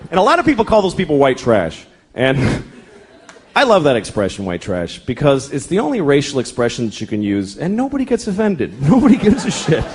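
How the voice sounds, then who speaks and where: A middle-aged man doing stand-up comedy, profane and exasperated, jumping into quick acted-out characters. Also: fairly high pitch, wildly swooping pitch, breathy edge. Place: comedy club stage. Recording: live club set with audience laughter and noise. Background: audience laughter and room noise.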